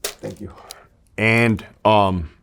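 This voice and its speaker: Low-voiced man telling a raw, candid story. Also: fairly even intonation, drawn-out words, gravelly, a bit bright, clear, resonant tone. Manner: raw, emotional, peppered with "dude" and "like", swearing. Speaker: interview guest, army veteran.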